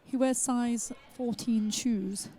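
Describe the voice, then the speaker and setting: A woman's voice: a little high, steady tone, slow pace, warm tone. A woman co-commentating a live match outdoors with giggly, playful banter.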